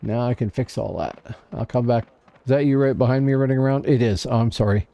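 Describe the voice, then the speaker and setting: A man's voice: medium pitch, fairly quick, gravelly, dark tone, no echo. A man casually commenting on his gameplay on a livestream, chatting to himself and to viewers in chat. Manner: chatty, talks to himself and chat while playing. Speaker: livestream gamer.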